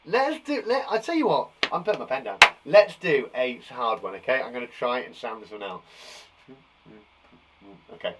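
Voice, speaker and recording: Lively British teacher sounding out words. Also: male voice, medium pitch, background noise. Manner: encouraging, sounds out words slowly. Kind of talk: phonics lesson for young children.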